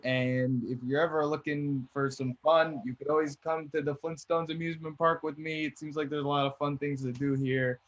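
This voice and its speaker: A man's voice: on the high side, a bit bright, lo-fi sound. A man hosting an online comedy show over a video call, joking loosely as he introduces the comics. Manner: loose, joking, laid-back. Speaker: host.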